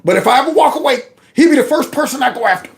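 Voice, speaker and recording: A man in his fifties from Youngstown, Ohio, hosting a casual commentary and telling animated, preachy stories in which he acts out the voices. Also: extremely high pitch, racing, creaky. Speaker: host.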